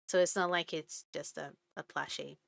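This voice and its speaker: A woman's voice: sits low, fairly even intonation, normal speed, vocal fry, a bit bright, slight background noise. A woman streamer chatting casually and swearing freely while she plays a game.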